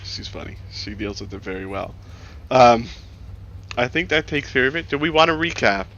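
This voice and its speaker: A man's voice: mid-range voice, expressive, normal speed, a bit bright, dull audio, slight background noise. A man running a tabletop game as dungeon master, chatting casually with his players, joking, laughing often and swearing freely.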